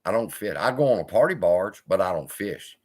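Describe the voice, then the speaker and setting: A man's voice: deep voice, sing-song, brisk. A man hosting a live investing stream, talking in a blunt, profane, storytelling way. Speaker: investing channel host.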